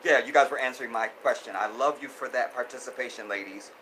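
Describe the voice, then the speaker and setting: A man's voice: mid-range voice, fast talker, sharp tone, a little hiss or hum, low-quality recording. A man hosting a casual live stream, reading viewer comments aloud and reacting with lots of laughter and repeated phrases. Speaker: host.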